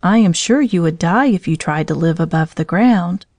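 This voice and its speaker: Kind soft flower sisters in a kids story, coaxing and sweet, read by a woman, lowish voice. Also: expressive, moderate pace, no echo. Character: gentle kindly flowers, sisterly.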